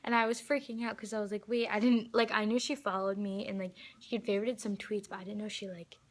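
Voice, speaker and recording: A young woman vlogging an excited fan storytime, gushing and full of fillers. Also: medium pitch, fast talker.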